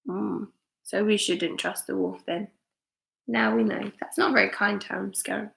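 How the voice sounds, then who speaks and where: A woman teacher reading a picture book aloud live for children, slow and expressive, asking her listeners questions. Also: mid-range voice, creaky. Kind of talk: live read-aloud story time. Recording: echoey room.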